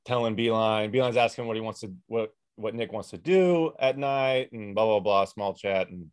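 A man's voice: fairly low pitch, normal speed, clear, resonant tone, dry recording, clean studio sound. A young man, a former player hosting a podcast, telling stories casually with lots of "like". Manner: laid-back storytelling, many "like"s. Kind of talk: casual chat.

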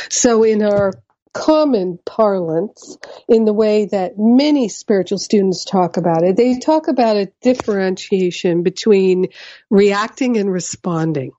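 A woman's voice: mid-range voice, unhurried, warm tone, no room sound, dull audio. A woman giving a spiritual teaching talk in an earnest, conversational way, often checking in with her listeners.

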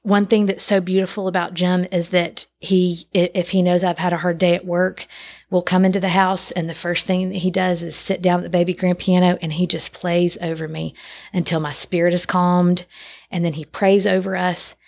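A woman in her thirties, a podcast guest, telling a personal faith story with animated, laughing delivery and acted-out quotes. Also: lowish voice, moderate pace, vocal fry. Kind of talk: personal testimony.

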